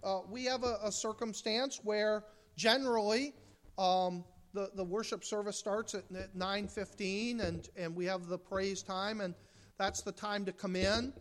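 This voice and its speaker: A woman's voice: medium pitch, fairly even intonation, measured pace. A woman from the United States preaching a sermon, emphatic, with rhetorical questions and mocking asides.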